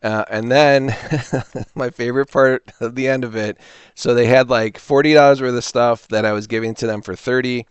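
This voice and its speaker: A man hosting a reseller channel, chatting casually and telling a rambling, animated story with quoted voices. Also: medium pitch, normal speed, clean tone, dry recording, highs cut off. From Illinois, US. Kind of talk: casual talking-to-camera vlog.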